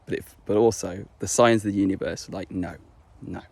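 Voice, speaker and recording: A man's voice: fairly low pitch, steady tone, quick pace, a little mellow, no echo. A young man chatting casually to camera, rambling and swearing, full of fillers and restarts. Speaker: vlogger.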